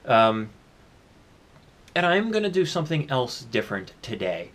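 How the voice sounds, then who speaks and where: A man's voice: medium pitch, sing-song, measured pace, fairly bright tone. A man vlogging in a rambling, chatty way, holding the camera and talking into its built-in mic. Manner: rambling and chatty, with many "uh" and "I mean" asides. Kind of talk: casual solo vlog. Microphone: handheld camera's built-in mic.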